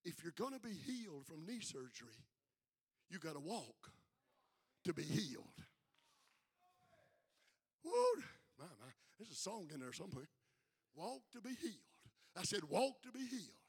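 An older man preaching a fiery sermon, building from quiet talk to shouted peaks and calling out for responses. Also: on the high side, big pitch swings, moderate pace, pauses often, breathy edge. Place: church sanctuary with congregation. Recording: live hall with long reverb.

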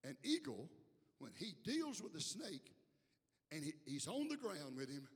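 A male bishop preaching a sermon in a church, swinging from quiet asides to shouted calls to the congregation. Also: high voice, very animated, measured pace, slightly rough, in a large hall. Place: church sanctuary.

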